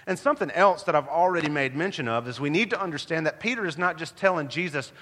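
Male pastor, bright forceful tone, long reverb from a large hall. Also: fairly high pitch, fast. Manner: emphatic, animated preaching with rhetorical questions. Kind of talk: sermon.

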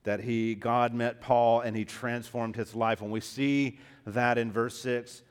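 A male pastor preaches in a smooth, mid-range voice, unhurried and with flat delivery. Still, the sermon is impassioned, swinging from hushed tones to loud emphasis, and he calls listeners beloved and dear friends.

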